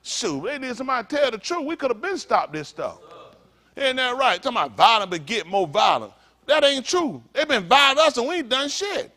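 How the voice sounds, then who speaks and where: A man's voice: extremely high pitch, very animated, fairly quick, pushed and bright. A male pastor preaching a fiery sermon, firing blunt, profane rhetorical questions at his congregation with joking asides. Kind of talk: fiery street-talk sermon.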